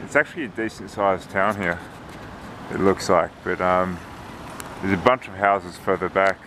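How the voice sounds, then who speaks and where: Walking through a windy lakeside and hillside town, a deep-voiced travel vlogger and marathon runner chats casually to his camera, relaxed and thinking aloud at a moderate pace. The audio is poor, with wind and traffic audible throughout.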